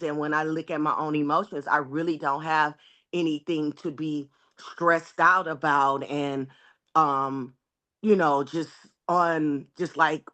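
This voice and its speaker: A woman talking about her own progress with a coach on a video call, earnest and halting. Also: deep voice, pushed and bright. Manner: earnest, halting, with fillers and restarts. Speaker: coaching client. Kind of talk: casual reflective sharing.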